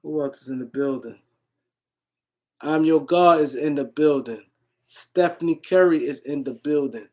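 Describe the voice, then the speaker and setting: Animated man hosting a livestream. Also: a little high, a little slow. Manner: animated, reads viewer comments and shouts out chat. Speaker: livestream host. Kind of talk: casual livestream talk.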